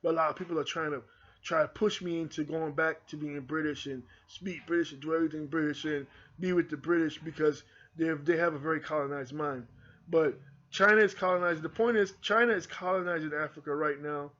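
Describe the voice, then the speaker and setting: A man's voice: a little high, a little fast, fairly bright tone. Fervent American-accented man, muffled lo-fi audio. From United Kingdom. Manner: fervent, repetitive, addresses viewers directly. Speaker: channel host. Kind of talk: impassioned monologue to camera. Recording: dull lo-fi recording.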